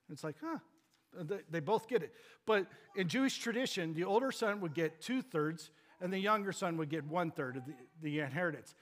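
A man preaching a sermon, telling a family story in an animated, joking, rambling way before turning to scripture. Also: sits high. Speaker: pastor.

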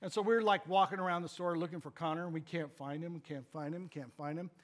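Male pastor, higher voice, loose funny storyteller who drifts into scripture. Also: fast talker. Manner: animated, joking, rambling with restarts. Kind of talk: sermon with personal storytelling.

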